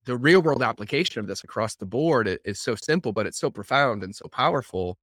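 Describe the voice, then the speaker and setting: Podcast host, male, energetic and emphatic, mid-range voice, dry close sound. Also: medium pitch, fairly quick, no echo. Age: adult, working professional. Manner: energetic, emphatic, repeats words for effect. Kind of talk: casual podcast conversation.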